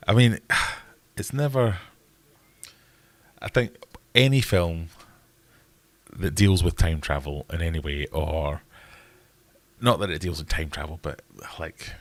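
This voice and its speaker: A man's voice: low-pitched, slow, no room sound. A Scottish man hosting a casual livestream chat, rambling in a jokey, ranting way. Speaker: livestream host.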